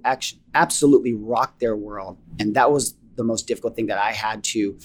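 A middle-aged man, a guest in a casual interview, telling earnest stories fast and acting out the dialogue. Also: lowish voice. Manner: earnest, fast-paced storytelling that acts out dialogue. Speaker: interview guest, fitness business owner.

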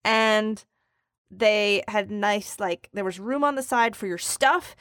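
A woman co-hosting a podcast in casual chat, telling stories in an animated, profane way. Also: mid-range voice, takes it slowly, no room sound, studio quality. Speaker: podcast co-host.

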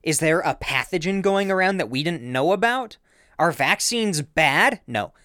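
Animated, laughing podcast co-host. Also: mid-range voice, normal speed, no echo, clean studio sound. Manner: animated storyteller, laughs often, playful asides. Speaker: podcast co-host presenting the research. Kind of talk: casual podcast chat.

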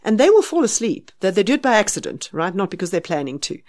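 A woman with a South African accent explaining children's sleep firmly and practically, sometimes dropping to a hush. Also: medium pitch, very animated, fast talker. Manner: explains firmly, acts out soothing a baby in a hushed voice. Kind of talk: advice on a podcast.

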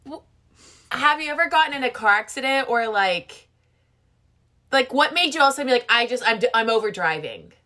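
Woman, slightly high pitch, casual chat, quick reactions. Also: lively intonation, sharp tone.

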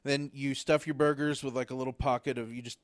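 A young man with a mid-pitched voice talks through a process step by step, filling gaps with ums and restarts. He is recorded close and dry. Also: little pitch movement, quick pace, no echo. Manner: rambling, explains step by step with many fillers. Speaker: podcast co-host. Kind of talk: casual chat.

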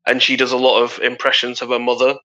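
Joking man, bright voice. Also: medium pitch, monotone, highs cut off. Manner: joking, quick interjections. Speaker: podcast co-host. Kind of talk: casual wrestling podcast chat.

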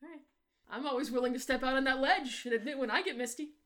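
A woman co-hosting a casual movie review podcast, talking in a lively, joking way and swearing freely. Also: high-pitched. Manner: profane, lively, quick to joke. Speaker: podcast co-host.

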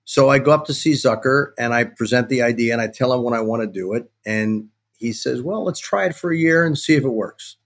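A middle-aged man at medium pitch, telling a long story in a relaxed podcast chat. He acts out both sides of each quoted exchange with lively energy. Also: a little fast, few pauses. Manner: animated anecdote-telling, acts out quoted dialogue. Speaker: sports television executive, guest. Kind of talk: casual storytelling in a podcast interview.

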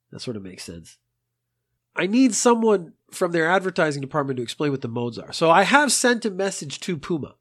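A man's voice: mid-range voice, slightly rough. A man hosting a podcast in a casual monologue, dry and exasperated, rambling at length. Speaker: podcast host.

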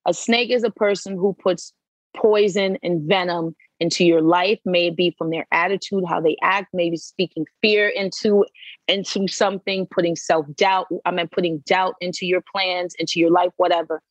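A woman guest in a casual interview, telling stories in an animated, emphatic way and repeating words for effect. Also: fairly low pitch, no room sound, rough recording. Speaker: podcast guest.

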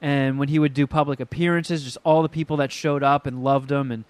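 A man co-hosting a casual podcast chat, telling stories in a profane, animated way with acted-out quotes. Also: medium pitch, brisk, smooth, dry recording. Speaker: podcast co-host.

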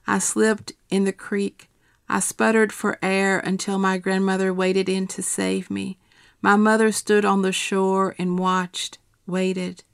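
A middle-aged woman reading her personal essay aloud in a quiet, measured, steady way. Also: medium pitch, creaky, clear, resonant tone, dry recording, studio quality.

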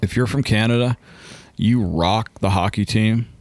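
A man's voice: lowish voice, a little slow, a little mellow, dry recording. A man co-hosting a podcast in casual chat, swearing freely and hyping things up emphatically. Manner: profane, emphatic, playful hype. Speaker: podcast co-host.

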